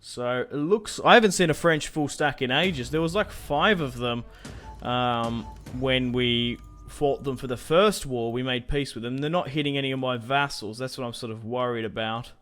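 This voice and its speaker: Young man, smooth resonant voice, casual gameplay commentary, faint music behind. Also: medium pitch, normal speed, hardly any pauses, fairly bright tone. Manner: thinks aloud, rambling with fillers. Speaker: gaming YouTuber.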